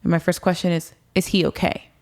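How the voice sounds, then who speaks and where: A woman's voice: on the low side, flat delivery, fast talker, creaky, darkish tone. A woman in her twenties telling her personal story to an interviewer in a casual way, with lots of "like" and "um", acting out what people said. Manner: casual, frequent "like" and "um", acts out past dialogue.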